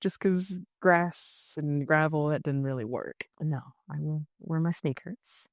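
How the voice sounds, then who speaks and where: Chatty woman, low voice with lots of gravel, dry close mic, says "like" a ton. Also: unhurried, dry recording. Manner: chatty, frequent "like" fillers, animated storytelling. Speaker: therapist and podcast guest. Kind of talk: casual conversational interview.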